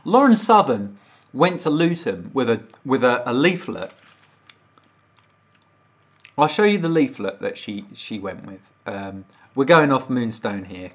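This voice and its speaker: A man from the United Kingdom, with a medium pitch and a fairly bright tone, goes on a profanity-laced rant during a casual livestream, getting increasingly heated. The recording has a dull, lo-fi stream quality.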